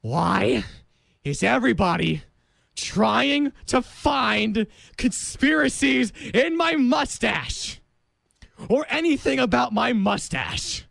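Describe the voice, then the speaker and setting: A young man hosting a college radio show, talking in a dramatic, excitable comic monologue that bursts into shouting. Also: very high voice, slow pace, vocal fry, dry recording. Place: radio studio.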